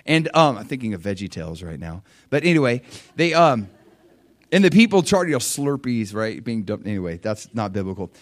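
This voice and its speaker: A man preaching a sermon and recounting a vision, fervent, dropping to quiet asides and rising to loud surges, often restarting his words. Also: lowish voice, sing-song, a little fast. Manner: restarts and stumbles over words.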